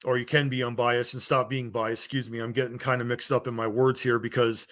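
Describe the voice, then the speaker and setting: A man's voice: mid-range voice, level tone, a little fast, hardly any pauses, fairly bright tone. A man delivering a heated, blunt rant to his viewers, swearing and scolding them as a wrestling vlogger. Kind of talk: angry rant to camera.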